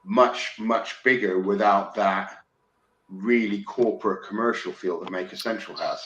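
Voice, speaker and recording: A man from England in casual podcast chat, excitable, swearing freely and stumbling over restarts. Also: lowish voice, unhurried, highs cut off, a crowd in the background. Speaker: podcast guest. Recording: roomy with faint noise.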